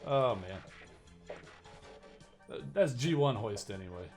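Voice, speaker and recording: A man's voice: lowish voice, expressive, takes it slowly, soft background music. Easygoing man chatting on a game stream. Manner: easygoing, self-deprecating and chatty. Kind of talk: casual live-stream chat.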